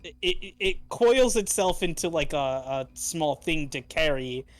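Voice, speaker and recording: A man's voice: a little high, expressive, measured pace, faint music behind. A man narrating and ruling as game master in a tabletop role-playing game, talking with many fillers and restarts. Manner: hesitant, filler-heavy rulings.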